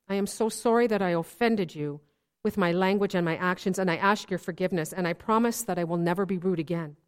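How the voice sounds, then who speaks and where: A woman leading a worship service, telling light jokes as a gentle storyteller. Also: fairly high pitch. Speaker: worship leader.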